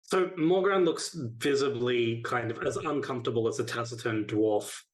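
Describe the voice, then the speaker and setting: A man describing his dwarf character's reactions as a player in a tabletop game, in a measured, wordy way. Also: medium pitch, low-quality recording.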